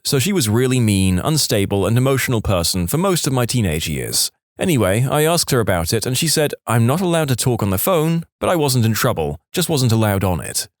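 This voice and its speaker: A man reading internet stories aloud in an expressive, playful storytelling manner. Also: medium pitch, dry recording, clean studio sound. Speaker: story narrator.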